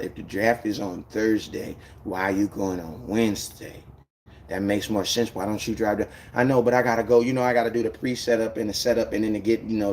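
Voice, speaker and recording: A man's voice: fairly low pitch, a little hiss or hum. A man chatting casually on a live stream, rambling in loose slang and greeting viewers by name. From United States.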